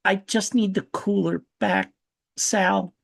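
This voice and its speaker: A man playing in a tabletop game, talking slowly with many fillers and restarts. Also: high voice, steady tone, creaky, husky. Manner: slow, halting, full of fillers. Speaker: player. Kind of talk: tabletop role-play.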